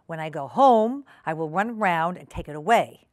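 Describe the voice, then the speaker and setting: A woman's voice: lowish voice, expressive, moderate pace, a little mellow, dry recording, studio quality, pitched below the performer's own voice, close to an everyday voice. A woman voicing a fretful, flustered lady dog in a storybook reading, sighing and stammering.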